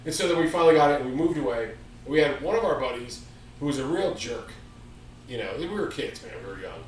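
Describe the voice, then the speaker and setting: The host of a music store show, an American man in his fifties, talks fast at medium pitch. Captured at a distance in an echoey room with faint background noise, he spins a rowdy tale in a casual chat. He's animated and swears, acting out quotes complete with sound effects.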